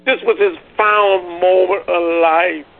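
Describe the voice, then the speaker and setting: A man preaching a Bible study, drawing answers from listeners and rising from low teaching to loud cries. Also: steady tone, a little slow, creaky. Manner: repeats words and phrases. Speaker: pastor leading Bible study. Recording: tinny phone-line call.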